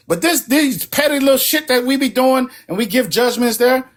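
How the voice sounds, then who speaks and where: A blunt man lays down the rules in a heated, profane rant. His pitch swings widely as he talks, and he is out of breath. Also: lively intonation, normal speed. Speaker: host. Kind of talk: heated casual talk.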